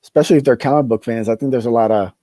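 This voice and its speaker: A man's voice: medium pitch, racing, mellow, no room sound. A man in casual podcast chat, talking enthusiastically and rambling with many fillers. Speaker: podcast guest, comic creator.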